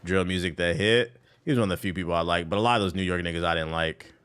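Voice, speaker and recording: A man's voice: low-pitched, quick pace, fairly bright tone, slight background noise. A man streaming a game, chatting casually with his chat in loose, profane slang. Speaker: gaming streamer. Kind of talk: casual live-stream commentary while playing.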